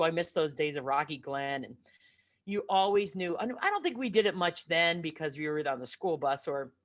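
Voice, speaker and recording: A woman from Northeastern Pennsylvania co-hosting a casual chat, chatty and quick to laugh. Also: on the low side. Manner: laughs often, chatty and nostalgic. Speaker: podcast co-host.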